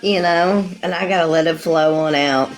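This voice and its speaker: A woman's voice: sits low, normal speed, soft background music. A woman in her forties chatting casually with livestream viewers, rambling, calling them sweetie and laughing often. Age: 40s.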